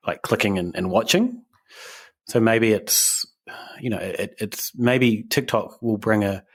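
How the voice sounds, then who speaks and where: A young man, co-hosting a podcast, rambling and self-deprecating in casual chat. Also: lowish voice. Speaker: podcast co-host.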